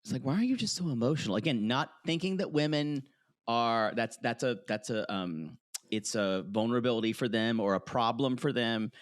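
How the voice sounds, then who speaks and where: A man's voice: medium pitch, normal speed, clear, resonant tone, no room sound, clean studio sound. A man co-hosting a podcast, recapping a reality show in casual chat and acting out what people said. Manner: animated, acts out quotes in voices. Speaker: podcast co-host.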